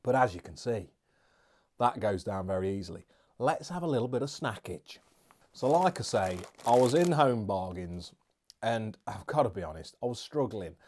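A man's voice: lowish voice, expressive, moderate pace, darkish tone. A man reviewing beer and snacks in a casual, chatty, jokey vlog with rambling asides.

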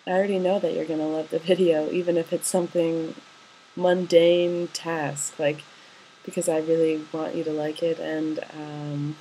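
A young college-age woman speaks a personal voice message to someone she loves, wandering from thought to thought with soft hesitations. Her voice sits slightly low for a woman. A faint hiss runs under the recording. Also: poor audio. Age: young adult. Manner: rambling, tender and hesitant, with many ums. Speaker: college student.

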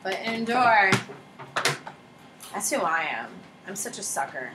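A woman's voice: mid-range voice, big pitch swings, a little slow. A woman teacher giving a casual, joking classroom lecture and often saying "like". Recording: roomy classroom echo with faint noise.

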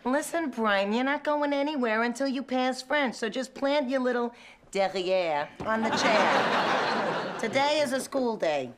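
An actress playing a brassy, quick-witted nanny who talks in wisecracks. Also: female voice, on the high side, animated. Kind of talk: sitcom acting. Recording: sitcom audio with loud background noise.

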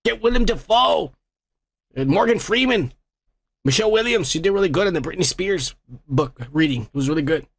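A man's voice: high-pitched, expressive, a little fast, no echo. A man hosting a comedy podcast, ranting crudely and mockingly with constant swearing. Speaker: podcast host.

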